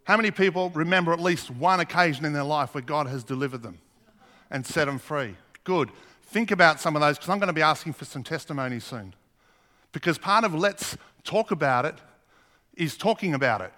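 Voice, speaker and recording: A man's voice: a little high, lively intonation, brisk, bright, forceful tone. A man preaching a sermon, earnest, asking the congregation questions as he reads scripture. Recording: long hall reverb.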